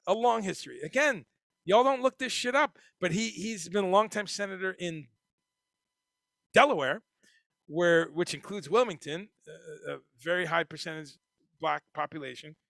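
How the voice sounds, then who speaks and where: A man hosting a casual livestream, reading chat comments and talking in a profane, animated way. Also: high-pitched, normal speed, gravelly, no room sound, studio quality. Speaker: livestream host.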